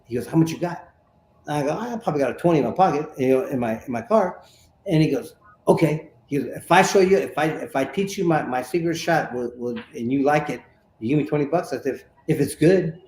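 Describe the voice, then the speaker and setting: A man from California tells a story from his fighting days, animated and stumbling over repeated words. His voice sits fairly high. The room around him rings with echo. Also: quick pace, a little hiss or hum. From Sacramento, California. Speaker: interview guest, former boxer. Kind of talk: casual storytelling interview.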